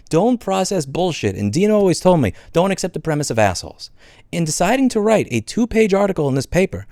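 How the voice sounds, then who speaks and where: Fast, profane, ranting man. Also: high voice, no room sound, studio quality. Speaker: channel host. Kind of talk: angry vlog rant.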